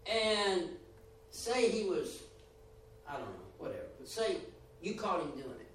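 A man preaches a sermon in a high-pitched voice, swinging his emphasis up and down and acting out the voices he quotes. He sounds set back from the mic in a strongly echoing room with faint noise behind. The recording is roomy and distant. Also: sing-song, measured pace.

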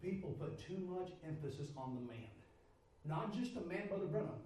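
High-voiced preacher in an echoey church. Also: male voice, lively intonation, moderate pace, recorded from a distance, a little hiss or hum. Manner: swings from loud pleading prayer to low quiet talk. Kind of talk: sermon.

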